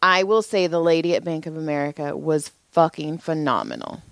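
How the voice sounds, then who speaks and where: Profane storytelling mom, low-ish voice. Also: female voice, big pitch swings, a little fast, creaky, no room sound. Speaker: podcast co-host. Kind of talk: casual podcast chat.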